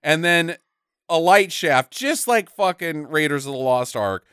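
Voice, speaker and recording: A woman recaps a movie with a podcast crew, her pitch swinging up and down as she mocks each scene. She swears freely and keeps the chat animated. The sound is close and dry. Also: unhurried, clean tone, no echo. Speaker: podcast co-host.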